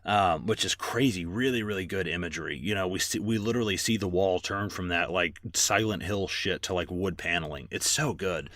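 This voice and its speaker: A man's voice: low-pitched, fairly quick, hardly any pauses, a bit bright, dry recording. A man co-hosting a podcast, recapping a horror movie in casual, rambling chat full of fillers and swearing. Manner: rambling, filler-heavy, profane. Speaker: podcast co-host.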